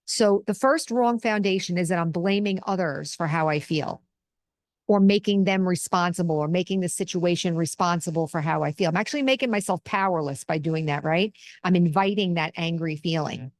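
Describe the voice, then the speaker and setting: A woman's voice: on the low side, normal speed. A middle-aged woman hosting a casual spiritual talk, teaching in an earnest, conversational way and drawing on personal examples.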